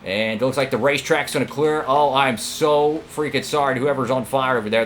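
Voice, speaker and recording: A young man commentating his own racing game run, excitable and talking at the other drivers. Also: mid-range voice, a little fast, hardly any pauses, slight background noise. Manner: excitable, talks to rival drivers, frequent outbursts. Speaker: gaming channel host.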